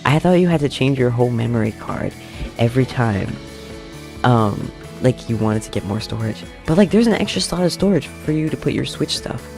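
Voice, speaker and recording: A young man giggles often as he tells a rambling story and draws, chatting casually on his channel as an artist streamer. His medium-pitched voice is animated, creaky, and a little mellow, at a moderate pace, over faint background music.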